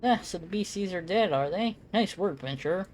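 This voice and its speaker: A streamer doing a boastful gruff old mercenary. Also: medium pitch, expressive, normal speed, darkish tone, a little hiss or hum, pitched above the performer's own voice, natural voice. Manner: swaggering, taunting, folksy slang. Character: boastful gruff retired male mercenary, miller.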